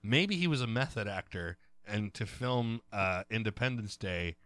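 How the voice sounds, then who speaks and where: A man's voice: on the low side, animated, moderate pace, a bit bright, dry recording. A man guesting on a podcast, cracking crude jokes and swearing freely in casual banter. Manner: profane, joking, exaggerated.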